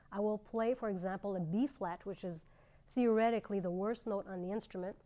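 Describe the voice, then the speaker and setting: A middle-aged woman gives a clarinet lesson, explaining each step clearly and patiently. She speaks at a medium pitch and pauses between ideas. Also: mellow. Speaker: clarinet teacher. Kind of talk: instructional demonstration.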